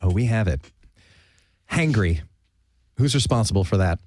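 A man's voice: fairly low pitch, lively intonation, moderate pace, a little mellow, slight background noise. A man hosting a casual chat show, asking mock-outraged, incredulous questions. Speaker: podcast host. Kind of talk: casual banter.

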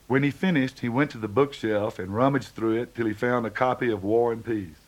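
A man's voice: medium pitch, steady tone, a little fast, poor audio. A man reading a novel aloud as narrator, shading the dialogue lightly for each character. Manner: reads dialogue with small shifts for each character. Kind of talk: audiobook narration.

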